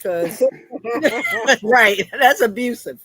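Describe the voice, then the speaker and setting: A woman co-hosting a podcast, chatting casually in short replies and quick agreement. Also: fairly high pitch, big pitch swings, sharp tone, slightly rough. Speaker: podcast co-host. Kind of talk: casual chat.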